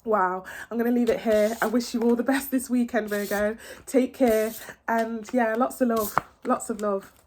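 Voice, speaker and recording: A woman's voice: fairly high pitch, fairly even intonation, normal speed, a little mellow, slight background noise. A woman giving a casual tarot reading to her viewers, earnest and reassuring, with many fillers and repeated words. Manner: emotional, tearful, earnest and reassuring. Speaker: tarot reader.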